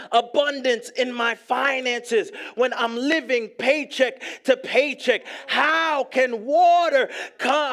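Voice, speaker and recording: A male pastor preaching a sermon, emphatic and repetitive, rising at times to shouts. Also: very high-pitched.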